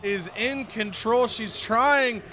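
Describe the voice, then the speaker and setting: A man's voice: very high-pitched, takes it slowly, bright, forceful tone, faint music behind. A young man narrating a wrestling game recap as a let's-play host, storytelling casually and swearing now and then. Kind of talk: animated game recap with put-on voices.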